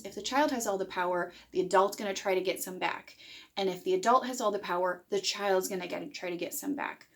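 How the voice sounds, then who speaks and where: A woman in her thirties giving a parenting lesson to camera, explaining plainly and acting out what a parent might say. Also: mid-range voice. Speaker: parenting educator.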